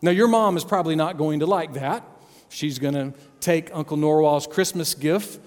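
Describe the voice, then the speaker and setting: A man preaching a children's sermon, telling a story in a playful, animated way and often checking in with his listeners. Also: fairly high pitch, moderate pace, big-room sound.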